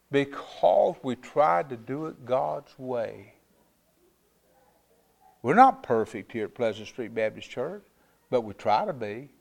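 A middle-aged man from North Carolina, preaching a fervent sermon with sudden loud rises and quiet drops. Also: fairly high pitch, creaky. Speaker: pastor.

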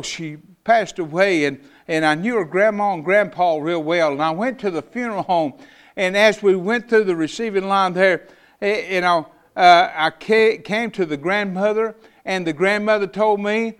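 A middle-aged man from North Carolina, preaching a fervent sermon with sudden loud rises and quiet drops. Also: sits high, normal speed, clean tone. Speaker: pastor.

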